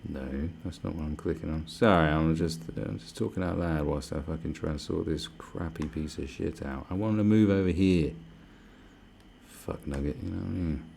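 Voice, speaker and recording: Deep-voiced streamer with a gravelly edge who swears constantly and mutters in exasperated commentary. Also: male voice, normal speed, a little mellow, slight background noise. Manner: profane, exasperated, muttering to himself. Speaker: live stream host. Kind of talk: ranting live-stream commentary.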